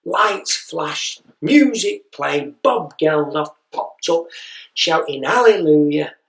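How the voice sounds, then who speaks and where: A man's voice: on the high side, lively intonation, very slow, vocal fry, a bit bright. A man doing a stand-up routine, telling a story and acting out the voices of the people in it. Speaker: stand-up comedian. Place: comedy venue. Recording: echoey room, mic heard from a distance.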